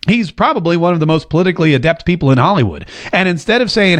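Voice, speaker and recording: A man hosting a casual political commentary show to camera, animated and jokey, slipping into a drawl when he quotes someone. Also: fairly high pitch, fast talker. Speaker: host. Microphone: talking to a camera.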